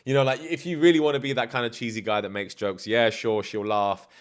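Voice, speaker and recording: A man's voice: medium pitch, steady tone, fairly quick. A man talking as a dating coach in a casual vlog, blunt, slangy and self-assured.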